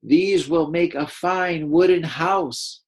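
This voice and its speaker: A man voicing small cheerful female dassie sisters from a storybook in a raised, slow and lively read-aloud voice. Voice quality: higher, brighter storybook voice.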